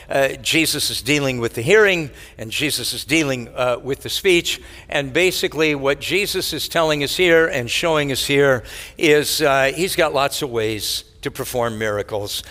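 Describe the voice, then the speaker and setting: A man preaching an expository sermon, halting often with filler words and restarts and asking rhetorical questions. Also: fairly high pitch, sharp tone. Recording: long hall reverb.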